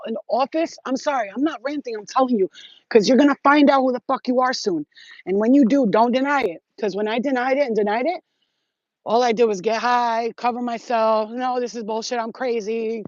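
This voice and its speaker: Brief: woman vlogger with a slightly high voice, swearing freely and rambling, recorded dry and muffled. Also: dry recording. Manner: profane, excitable, streetwise slang. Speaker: spiritual vlogger. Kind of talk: rambling casual monologue to viewers.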